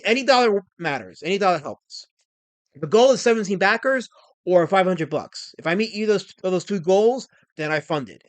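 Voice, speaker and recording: Casual livestream host, male, high voice, rambling delivery, dry close sound. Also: no room sound. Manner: rambling, reads chat aloud and mock-rants in a raised voice. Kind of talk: casual live-stream chat.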